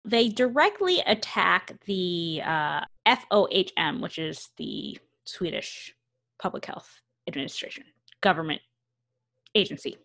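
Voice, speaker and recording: A woman's voice: fairly low pitch, very animated, a little slow, creaky, fairly bright tone. A woman co-hosting a podcast, reading out a news story and chatting about it, with self-correcting asides. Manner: conversational, reads quotes, self-correcting asides. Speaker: podcast co-host.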